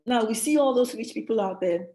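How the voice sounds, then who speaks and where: A woman's voice: on the high side, fairly quick, warm tone. A woman giving a motivational leadership teaching at a church, emphatic, repeating key phrases and restarting her sentences.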